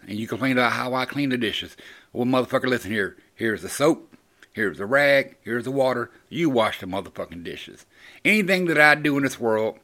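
Guy hosting a radio show, bright punchy voice, cussing and joking around. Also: mid-range voice. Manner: loose, profane and joking. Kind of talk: casual radio chat.

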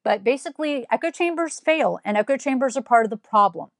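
A woman commentator delivers a blunt, scolding opinion monologue, emphatically firing off one rhetorical question after another. Her voice is on the high side, expressive, and a little fast, in a dry, clean studio recording.

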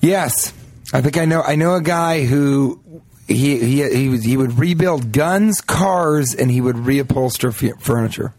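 A man's voice: mid-range voice, unhurried, darkish tone, dry recording. A man guesting on a comedy podcast, talking in playful, joking banter and slipping into silly voices now and then. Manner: playful, jokey, slips into silly put-on voices.

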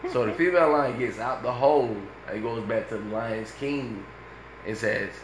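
A man telling a long joke to friends in casual chat, acting out the characters in loud, animated bits. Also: medium pitch, moderate pace, echoey room, a little hiss or hum, rough recording. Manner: loud animated storytelling, acts out animal voices. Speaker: storyteller among friends.

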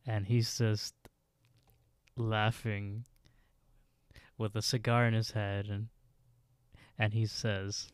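A man's voice: lowish voice, flat delivery, slow pace, pauses often, clean tone, dry recording. A man co-hosting a podcast, retelling a story casually and laughing often. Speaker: podcast co-host. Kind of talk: casual recap chat.

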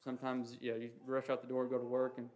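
A man giving an informal, earnest sermon, talking haltingly with many fillers and reading scripture passages aloud. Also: mid-range voice, completely flat delivery, darkish tone, slight background noise. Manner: halting, heavy with "you know" and "um" fillers. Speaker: preacher. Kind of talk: informal sermon on the Lord's Prayer.

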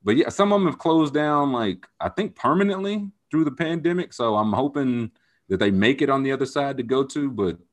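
A man, chatting casually as a podcast guest, animated, saying "like" a lot and acting out voices in his stories. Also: mid-range voice, brisk. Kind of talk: casual chat.

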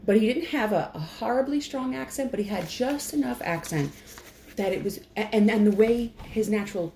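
A woman's voice: mid-range voice, expressive, fairly quick, mellow. A woman with an Irish accent co-hosting a podcast in casual chat, rambling with restarts and laughing often. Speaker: podcast co-host. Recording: echoey room with faint noise.

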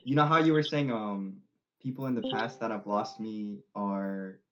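A man's voice: fairly low pitch, steady tone, normal speed, background noise. A young man chatting casually as a podcast guest, rambling and repeating himself as he retells what friends said. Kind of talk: casual chat. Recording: slightly dull lo-fi sound.

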